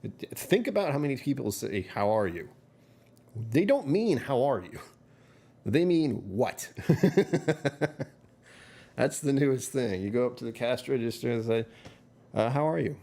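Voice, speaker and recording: A man's voice: medium pitch, lively intonation, normal speed, vocal fry, dark tone. A middle-aged man streaming live, rambling through casual chat with his viewers and chuckling often. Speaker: livestreamer.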